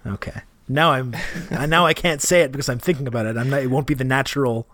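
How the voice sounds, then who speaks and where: A man with a Canadian accent co-hosting a podcast, talking in a relaxed, rambling way with fillers and restarts. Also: mid-range voice, fast. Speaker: podcast co-host. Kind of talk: casual podcast chat.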